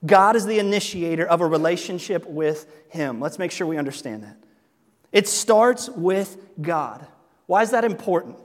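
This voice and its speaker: High-voiced preacher in an echoing hall. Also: male voice, normal speed. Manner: animated, conversational preaching with laughs and asides. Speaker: pastor. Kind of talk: sermon. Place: church sanctuary. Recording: long reverb of a large hall.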